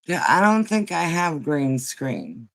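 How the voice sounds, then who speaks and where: A woman hosting a relaxed livestream, talking at an unhurried, drawn-out pace. She rambles chattily with plenty of fillers and greets her viewers one by one. She sounds like she has just woken up. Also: low voice, gravelly. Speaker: livestream host. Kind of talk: casual livestream chat.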